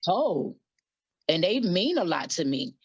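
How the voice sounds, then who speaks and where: A woman's voice: on the low side, very animated, slow pace, slightly rough, no echo, dull audio. A woman, a gospel quartet singer, talking bluntly and colloquially as a guest in a candid interview. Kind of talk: candid casual interview talk.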